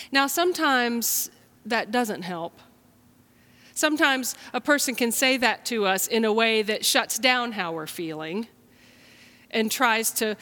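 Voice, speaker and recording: A woman from the United States, a pastor telling a children's story and preaching a sermon in a gentle storytelling manner. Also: fairly high pitch. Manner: gentle, storytelling, speaks straight to listeners.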